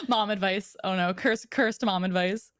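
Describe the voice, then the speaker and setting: A woman's voice: mid-range voice, no echo. Giggly rambling young woman, dry close mic. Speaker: VTuber streamer and voice actor. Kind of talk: casual chat.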